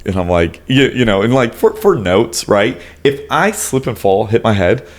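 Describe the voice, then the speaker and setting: A man's voice: fairly low pitch, very animated, normal speed. A man who works as an ICU nurse, chatting casually and profanely on a podcast, full of "like" and "you know", acting out both sides of conversations. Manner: acts out both sides of exchanges in quoted voices.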